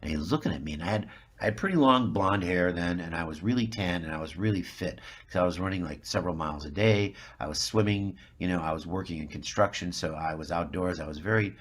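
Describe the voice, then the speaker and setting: Deep husky older man telling stories. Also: quick pace. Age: 70s. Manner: rambling, animated storyteller who acts out the people he quotes. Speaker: guest actor. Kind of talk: anecdotal storytelling.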